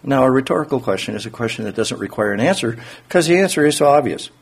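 A male preacher with a husky, slightly breathy voice gives a relaxed, conversational sermon at a fast pace. His pitch moves lively and wide as he poses rhetorical questions and explains the text.

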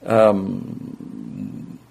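A male preacher with a husky, slightly breathy voice delivers a sermon in a relaxed, conversational way. His pitch moves lively and wide as he asks rhetorical questions and explains the text. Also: drawn-out words.

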